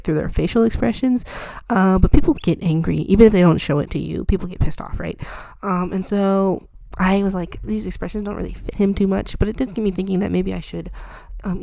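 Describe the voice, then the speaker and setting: A young woman, an art vlogger, chats casually while she draws, rambling and putting herself down with plenty of fillers. Her lowish voice is creaky and warm, with no echo.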